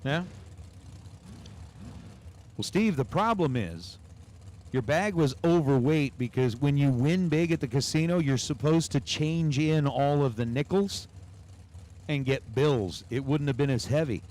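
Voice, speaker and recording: Calling numbers for drag races on a livestream, this announcer chats with viewers between runs in an unhurried way, pausing often. His voice is a little high with a darkish tone, and there's a little hiss or hum.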